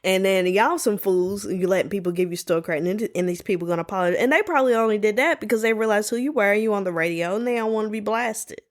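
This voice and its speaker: A woman hosting a solo podcast, telling stories in a sassy, animated way. She talks casually, saying "y'all" and "baby", and puts on playful voices when she quotes people. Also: mid-range voice, quick pace, few pauses. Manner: colloquial, says "y'all" and "baby". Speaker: podcast host.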